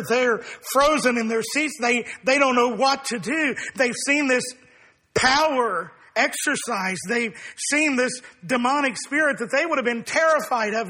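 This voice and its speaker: A man preaching a sermon as pastor, in deliberate, emphatic phrases. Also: very high voice, pushed and bright.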